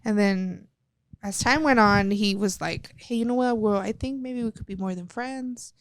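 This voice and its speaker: Smooth-voiced woman. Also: mid-range voice, moderate pace, dry recording, studio quality. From El Paso, Texas. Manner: candid and animated, swears freely, acts out quoted dialogue. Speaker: podcast guest, wrestler. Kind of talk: casual interview storytelling.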